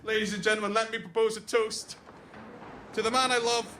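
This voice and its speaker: A man's voice: high-pitched, flat delivery, fairly quick, a crowd in the background, noisy background, close to an everyday voice. A man playing a jealous, crude best man giving a mocking comic wedding toast. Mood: declaring. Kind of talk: comic stage monologue.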